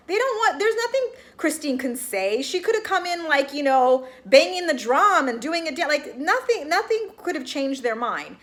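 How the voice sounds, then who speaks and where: A woman's voice: high voice, fairly bright tone. A woman giving a casual recap of a reality show, chatty and full of "like" and "you guys", acting out what the people on the show said.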